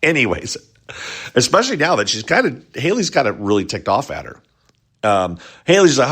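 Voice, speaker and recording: A man's voice: medium pitch, big pitch swings, normal speed, fairly bright tone, slightly rough. A man hosting a casual reality show recap, rambling and chatty, lifting his voice whenever he quotes someone.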